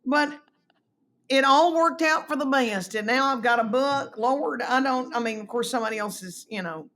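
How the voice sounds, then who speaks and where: A woman's voice: high-pitched, moderate pace, a little hiss or hum. A middle-aged woman with an East Tennessee Southern accent, telling folksy stories as a guest in a casual chat. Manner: animated, folksy storyteller who acts out quotes. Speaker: guest comedian.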